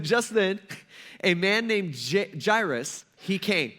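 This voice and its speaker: A man's voice: high-pitched, big pitch swings, slow, pushed and bright. A male pastor giving a casual, storytelling sermon and acting out the people in it. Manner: casual storytelling, acts out quoted voices.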